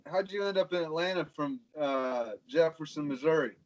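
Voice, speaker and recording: Man asking short questions, slightly high voice. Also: moderate pace, poor audio. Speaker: show host. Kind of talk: casual interview.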